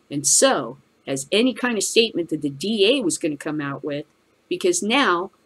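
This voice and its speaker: Woman host, low-pitched, sweary and sarcastic, opinionated news rant. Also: rough recording. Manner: profane, ranting, sarcastic. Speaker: cannabis news show host. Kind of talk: profane opinionated commentary.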